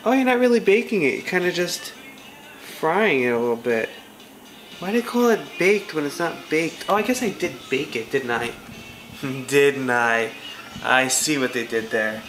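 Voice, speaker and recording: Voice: mid-range voice, sing-song, moderate pace, soft background music. Playful chatty home-cooking vlogger. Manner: playful, chatty, talks to the food. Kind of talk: casual cooking vlog chat.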